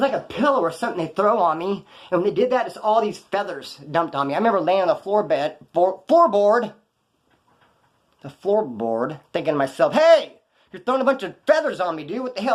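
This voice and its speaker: Brisk, slangy male storyteller with a higher-leaning voice, candid and profane. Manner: profane street slang, rambling, animated. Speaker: former prisoner telling stories. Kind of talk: casual storytelling to camera.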